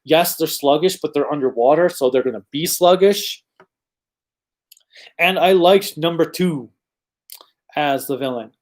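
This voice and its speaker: A fairly high-voiced man talks through viewer questions on a casual livestream. He rambles and corrects himself, with plenty of ums between thoughts. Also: a little mellow. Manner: chatty, rambling, many ums and self-corrections. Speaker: channel host answering viewer questions.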